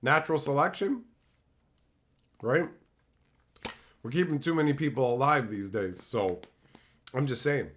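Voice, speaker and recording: A man's voice: medium pitch, unhurried, pauses often, fairly bright tone, a little hiss or hum. A man streaming live, chatting casually and riffing on viewer messages with crude, profane jokes. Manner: crude, profane joking banter; riffs on viewer chat messages. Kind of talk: casual livestream chat.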